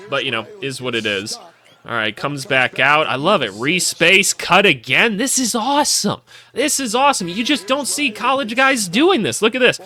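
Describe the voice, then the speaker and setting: Young guy hyped up reacting to hoops clips, bright voice, jokes around a lot. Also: on the high side. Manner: excitable, jokey, voices players in asides. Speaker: basketball analyst. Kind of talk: casual video commentary over game clips.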